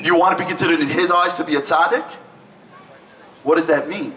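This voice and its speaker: A man's voice: on the high side, fairly even intonation, a little fast, pushed and bright. A man giving a passionate motivational talk at a breakfast event, building to emphatic peaks and acting out little dialogues. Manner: passionate, rising and falling with emphasis, acts out dialogue. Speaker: inspirational speaker. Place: event hall. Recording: distant mic with faint noise.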